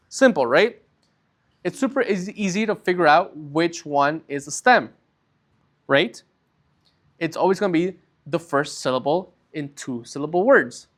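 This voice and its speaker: A man teaching a recorded Spanish class, explaining things patiently step by step and often checking in with a quick "right?". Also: on the high side, expressive, a bit bright.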